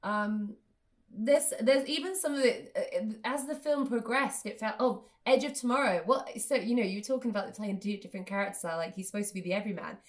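A woman's voice: mid-range voice, fairly quick. A woman in casual podcast chat, rambling and searching for words as she talks. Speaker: podcast co-host.

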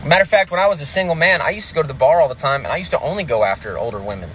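A man's voice: a little high, animated, very fast, fairly bright tone, a little hiss or hum. A young man telling a crude comic story, brash and rambling, as a podcast co-host. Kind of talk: comedic storytelling.

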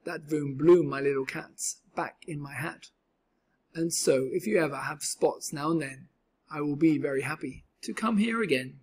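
A man doing a boastful storybook cat, husky. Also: fairly high pitch, normal speed. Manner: lively, showy, exclaiming. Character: cheerful boastful male cat in a tall hat. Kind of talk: storybook read-aloud.

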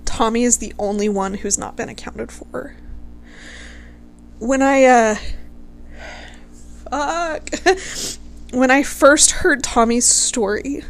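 A woman's voice: fairly high pitch, takes it slowly, long pauses, slight background noise. A woman casually telling a history story to her viewers, gushing over her subject, swearing freely and close to tears.

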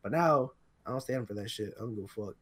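A man's voice: lowish voice, fast, slightly rough. A tired young man co-hosting a podcast, telling a rambling, profane story in casual chat with lots of restarts. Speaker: podcast co-host.

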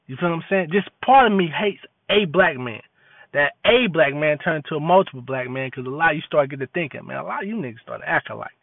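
A man's voice: fairly high pitch, expressive, quick pace, creaky, no room sound. A man giving an impassioned, preachy monologue in street slang, repeating his points. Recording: tinny phone-like dry audio.

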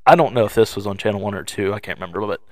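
A young man with a lowish voice, chatting through a story the way a podcast co-host does. He talks loosely with plenty of fillers and acts out what others said. The sound is dry and close, with no room in it. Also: racing, a little mellow, no echo. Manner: storytelling, acting out quoted voices; loose, filler-heavy delivery. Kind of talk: casual chat.

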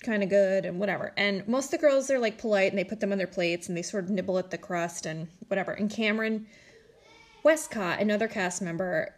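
Woman, casual recap host, animated gossipy storyteller with mock voices. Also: medium pitch, brisk. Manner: animated storytelling, acts out quotes in exaggerated voices; chatty, heavy use of "like" and "you know". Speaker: reality TV recapper. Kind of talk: casual chat.

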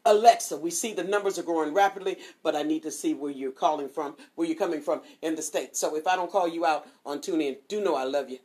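A woman hosting a streaming devotional show, chatting casually and giving shout-outs before a Bible reading. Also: low-pitched, fast talker, few pauses. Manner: animated and chatty, swoops up on exclamations.

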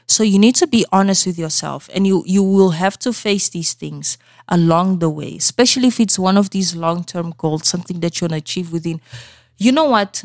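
A woman's voice: mid-range voice, darkish tone, dry recording, studio quality. A woman hosting a solo motivational podcast from South Africa. She talks straight to her listeners in an earnest, coaching tone and keeps checking in with them. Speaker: podcast host. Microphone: studio microphone.

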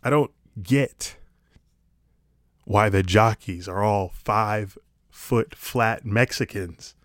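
Low-ish guy, talks slow, sarcastic rambling rant, dry close sound. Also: fairly bright tone, no room sound. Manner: sarcastic, rambling, swears casually. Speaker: vlogger. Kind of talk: casual comedic monologue.

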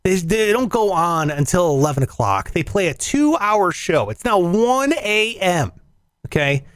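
A man hosting a show, telling a story in casual, profane, animated chat and acting out the voices in it. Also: high-pitched, a little slow, no echo. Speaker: radio show host. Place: in Las Vegas.

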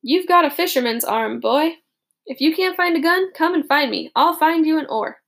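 A woman's voice: high voice, animated, moderate pace, fairly bright tone, pitched above the performer's own voice. A woman voicing a blunt, matter-of-fact male fisherman rowing a boat in a storybook reading.

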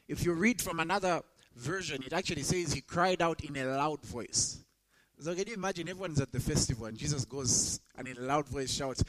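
A young man delivers a sermon with a fairly high-pitched voice. He leans hard into the scripture he quotes, his pitch climbing with emphasis. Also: normal speed, fairly bright tone, rough recording. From Zambia. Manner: emphatic, rises sharply when quoting scripture. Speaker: preacher.

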